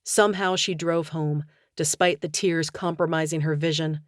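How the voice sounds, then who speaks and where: A woman narrating a novel audiobook in a steady, measured reading. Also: sits low, no echo, studio quality. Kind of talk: scripted narration.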